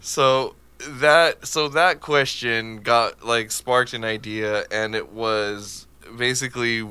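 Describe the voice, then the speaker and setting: Bright-voiced rambling podcast host, a man. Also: mid-range voice, clear, resonant tone, dry recording. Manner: rambling, laughs often, restarts. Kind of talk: casual chat.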